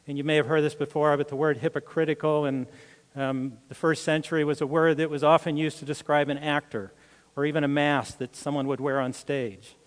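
An older man preaches in a long, echoing hall, his voice sitting a little high for a man. He tells personal stories earnestly, often restarting his phrases. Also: level tone, a little fast. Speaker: pastor. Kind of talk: sermon.

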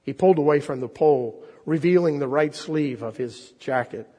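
A man preaching a sermon and reading a story aloud, earnestly, moving from loud to hushed. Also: on the high side, moderate pace, big-room sound.

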